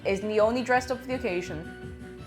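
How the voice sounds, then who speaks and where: A woman's voice: on the high side, normal speed, faint music behind. A woman chatting casually on a cooking live stream, reading chat aloud and laughing often.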